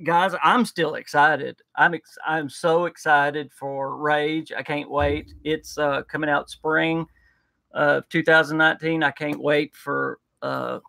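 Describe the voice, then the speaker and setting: Speaking slowly in a level tone, a man co-hosting a live reaction stream chats in an eager, rambling way and keeps restarting his sentences. His voice sits a bit high, sounding pushed and bright with a gravelly, fry-laden texture. There's no room echo; the sound is dry and close.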